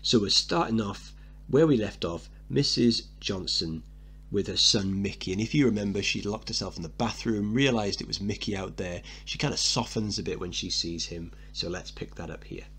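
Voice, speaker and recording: A man's voice: fairly low pitch, normal speed, fairly bright tone, husky. A male teacher reading stage directions and explaining a play to students, posing guiding questions.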